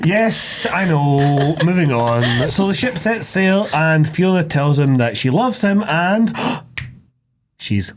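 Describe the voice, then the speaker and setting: A man talks on a podcast, his pitch bouncing up and down with a lively swing. His chat is sweary and self-mocking as he recaps a film. A faint hiss sits under the voice. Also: slow. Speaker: podcast co-host. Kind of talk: casual chat.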